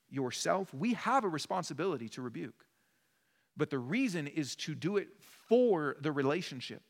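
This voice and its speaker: A man's voice: on the high side, vocal fry, fairly bright tone, in a large hall. A male pastor preaching a sermon in an earnest, emphatic, conversational way. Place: church sanctuary.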